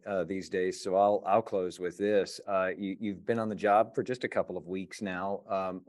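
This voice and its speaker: A man co-hosting a talk show, interviewing a guest and chatting in a relaxed way with many fillers. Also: sits low. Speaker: radio show co-host. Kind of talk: interview and casual chat.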